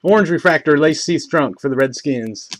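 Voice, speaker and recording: A man hosting a live trading card break, reading off each pull in quick succession, tripping over names now and then. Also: fairly high pitch, noisy background. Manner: rapid list-reading, stumbles over names; bursts of excitement on big pulls.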